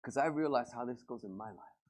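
A male pastor preaching a lively, joking sermon to a congregation and acting out everyday scenes. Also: mid-range voice, brisk. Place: church service before a congregation.

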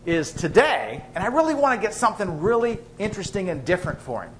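A man's voice: high-pitched, big pitch swings, quick pace, slight background noise. A man voicing a fussy woman shopping for her husband's birthday, hesitant and stumbling over words. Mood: doubtful.

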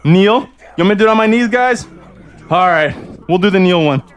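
A man hosting a live-streamed game, excitable and playful with loud exclamations. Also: high voice, brisk. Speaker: gameplay host.

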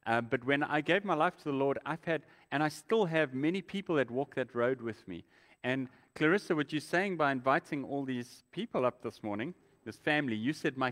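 A man's voice: mid-range voice, fairly bright tone. A man, a pastor giving casual, welcoming church announcements and restarting his sentences often. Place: church sanctuary. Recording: long reverb in a large hall.

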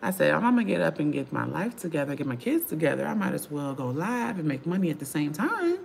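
A woman chatting casually on a livestream with her viewers, impatient and bantering with loud bursts. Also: low-pitched, big pitch swings, quick pace, creaky, slight background noise. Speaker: vlogger on a livestream.

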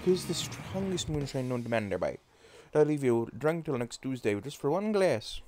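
A man's voice: mid-range voice, very animated, moderate pace, a little mellow, slight background noise, lightly acted. A man voicing a boisterous, folksy Newfoundland character with an exaggerated Newfoundland accent, hearty and fond of calling people "boy.". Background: game music.

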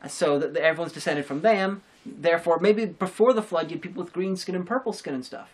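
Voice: medium pitch, fast. A co-host in a casual film review chat, explaining ideas at length with frequent restarts. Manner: rambling explanations with many restarts.

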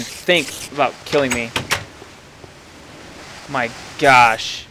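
A man commentating his own gameplay, chatty and easily exasperated, sometimes yelling at enemies. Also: medium pitch, unhurried, vocal fry, long pauses, noisy background. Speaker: let's play gamer.

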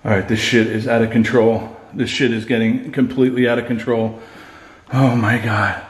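A man's voice: medium pitch, flat delivery, moderate pace. A middle-aged man filming a solo ghost-hunting vlog in an empty house, frightened and shaky, swearing and repeating himself. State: shaky and scared. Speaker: paranormal vlogger. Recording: echoey empty room.

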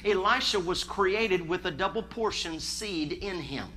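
A man's voice: sits high, animated, measured pace, pushed and bright. A man preaching a sermon, emphatic, calling on the congregation to answer him. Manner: emphatic, calls for congregation responses.

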